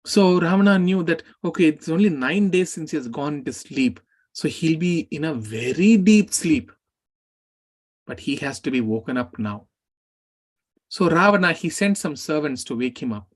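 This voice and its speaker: A man who teaches a scripture class, retelling an epic in a lively way and speaking the characters' words aloud. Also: on the high side, moderate pace.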